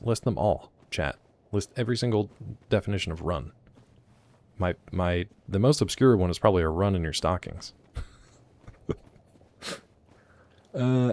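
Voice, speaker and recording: Brief: male game streamer, very deep voice, casual joking commentary, talks to chat. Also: a little mellow. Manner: chatty and joking, reacting aloud and talking to chat. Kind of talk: casual live gameplay commentary.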